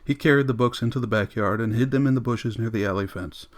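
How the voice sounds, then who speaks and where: A man narrating an audiobook in a steady, measured reading. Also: mid-range voice. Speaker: audiobook reader.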